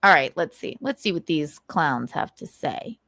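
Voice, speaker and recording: A woman's voice: low-pitched, big pitch swings, fairly bright tone, dry recording, clean studio sound. A woman hosting a casual livestream, talking candidly with frequent swearing, laughter and restarts. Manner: candid and profane, laughs often; halting, with many restarts and fillers. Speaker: livestream host.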